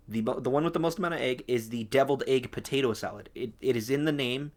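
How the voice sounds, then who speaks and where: A young man on a casual podcast, telling a work story in lively fashion and acting out the customers' lines in quoted voices. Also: medium pitch, quick pace, few pauses. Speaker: podcast co-host.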